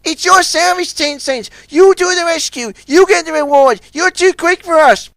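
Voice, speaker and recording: A man's voice: medium pitch, animated, moderate pace, dry recording, natural voice. A man voicing a crafty, scheming male tugboat in a children's story. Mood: urging. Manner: crafty, sneering.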